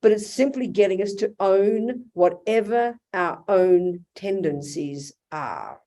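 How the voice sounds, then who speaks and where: An older Australian woman giving a Buddhist teaching in a blunt, animated way. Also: medium pitch, slow. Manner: blunt, animated, quotes imagined dialogue. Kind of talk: Dharma talk with questions. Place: hotel meeting room.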